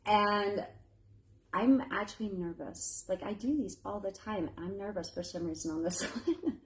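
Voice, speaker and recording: A woman's voice: mid-range voice, measured pace, slight background noise. A woman in her thirties hosting a live baking stream, chatty and encouraging, admitting she feels nervous. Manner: chatty and encouraging, calls viewers honey. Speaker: home baker hosting a live fundraiser bake. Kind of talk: casual live-stream chat.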